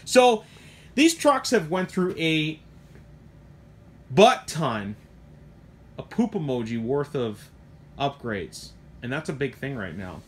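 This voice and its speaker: A man's voice: on the high side, slow pace, pauses often, a little hiss or hum. A middle-aged man who runs a hobby shop, talking casually and with animation about a truck he sells, rambling through asides and mild cursing. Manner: animated, rambling, swears mildly, lots of asides. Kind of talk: casual product talk.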